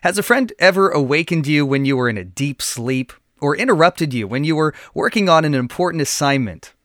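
A man hosting a children's Bible lesson podcast, reading a story aloud in a clear, friendly storytelling voice. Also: fairly high pitch, animated, brisk, fairly bright tone, no room sound, studio quality. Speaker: podcast lesson host and narrator. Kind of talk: scripted narration.

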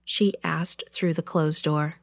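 A woman narrating a children's Bible story with an expressive, clear reading. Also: low-pitched, slow, no room sound, studio quality.

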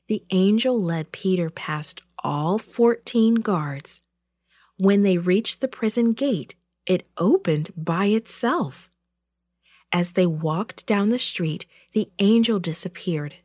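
A woman reads a children's story aloud, slowly and clearly. Her pitch moves a lot as she makes the story vivid. The recording is dry and close, with no room sound. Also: no room sound. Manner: slow and expressive.

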